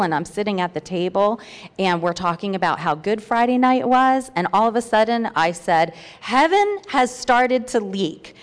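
A woman's voice: lowish voice, long reverb tail. A woman reading her personal testimony aloud at a church meeting, earnest and heartfelt, with hesitant fillers. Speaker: church member sharing a testimony.

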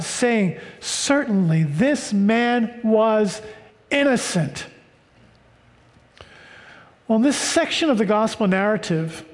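An American man preaching a sermon, reading scripture and explaining it with slow, deliberate emphasis. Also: sits high, long reverb tail. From United States. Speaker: pastor.

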